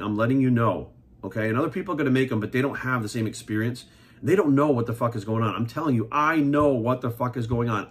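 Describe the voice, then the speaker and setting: Fast-talking, blunt, swearing man. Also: mid-range voice, a bit bright. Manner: blunt, heated, swears constantly, repeats points. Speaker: fitness coach and commentator. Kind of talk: profane opinion rant to camera.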